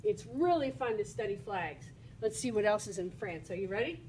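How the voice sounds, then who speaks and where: A woman's voice: mid-range voice, expressive, normal speed, darkish tone, breathy edge. A woman teacher giving a bubbly, exclamatory video lesson to children. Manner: bubbly and exclamatory, talks to kids.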